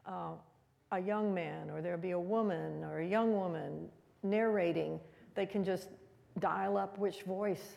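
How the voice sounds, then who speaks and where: A woman's voice: fairly low pitch, fairly even intonation, moderate pace, creaky, warm tone, long reverb tail. A woman giving a conversational, rambling history talk as a guest speaker in a museum room.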